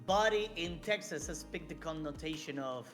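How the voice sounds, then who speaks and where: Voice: mid-range voice, moderate pace, a bit bright, soft background music. A guest whose first language is Spanish, chatting casually, joking and swearing. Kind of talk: casual chat.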